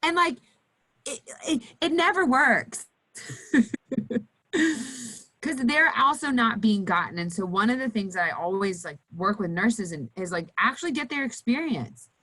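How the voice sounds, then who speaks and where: This woman, an occupational therapist, instructs nurses in a panel talk with lively energy, mimicking upbeat children's voices. Her pitch is fairly high, her delivery unhurried, and the recording rough.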